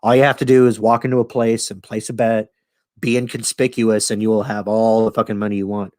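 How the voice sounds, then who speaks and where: A man's voice: on the low side, level tone, a little fast, a little mellow, dry recording, studio quality, close to an everyday voice. A man retelling a dying, urgent time traveler. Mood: instructing. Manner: earnest, profane pleading.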